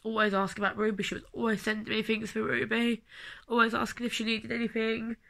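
Gravelly-voiced London woman with a cold. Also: fairly high pitch, monotone, fast talker, sharp tone. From London, England. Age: late 20s. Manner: rambling, heartfelt, chatty. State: has a cold, coughing. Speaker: vlogger. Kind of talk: personal vlog talk.

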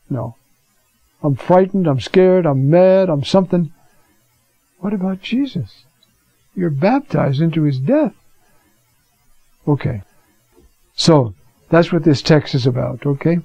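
A priest giving a conversational teaching sermon, with rhetorical questions and frequent fillers. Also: male voice, on the high side, measured pace, creaky, pauses often, warm tone, no echo. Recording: dull lo-fi recording.

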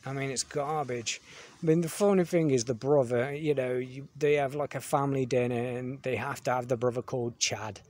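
A man's voice: medium pitch, fairly even intonation, normal speed, darkish tone. A man giving a blunt, dismissive review monologue, with frequent "you know what I mean" asides.

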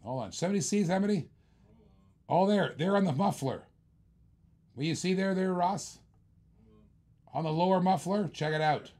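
Older man, live auction host, chatty hype, repeats himself, slightly high voice. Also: moderate pace, pauses often, dark tone. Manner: enthusiastic, chatty, repeats lines while showing cars. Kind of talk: energetic live-stream auction patter.

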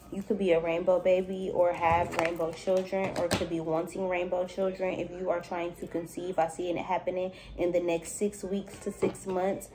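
A woman with a gravelly, fry-edged voice gives a loose, chatty spiritual reading to the camera. Her tone sits dark and mellow, and she speaks directly to the listener, calling them baby and circling her points with easy filler. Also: lowish voice. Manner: chatty, loose, full of "it's giving, like"; talks straight to the viewer, calls them baby. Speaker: spiritual reader. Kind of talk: casual intuitive reading to viewers.

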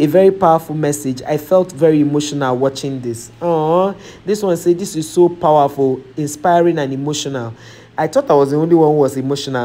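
A woman's voice: low voice, dark tone. A woman vlogger reading viewer comments aloud and reacting with emotional sighs and exclamations.

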